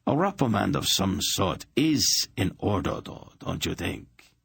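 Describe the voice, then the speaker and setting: A man's voice: deep voice, very animated, a little slow, creaky, fairly bright tone, husky, dry recording, clean studio sound, exaggerated voice. A man voicing an urbane, cruel emperor in an audiobook, speaking with silky, polite menace.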